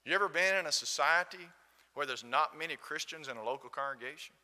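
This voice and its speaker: A man's voice: a little high, fast, pushed and bright. A man with a Southern accent from Alabama, preaching a sermon and telling a story, asking the congregation questions. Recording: long hall reverb.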